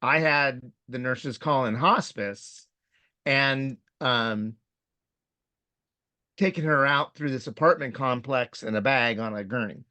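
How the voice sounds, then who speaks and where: Man with a dry, mid-pitched voice. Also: slow, bright, forceful tone, no room sound. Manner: plain, reflective, speaks of crying. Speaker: podcast co-host. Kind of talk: casual emotional chat.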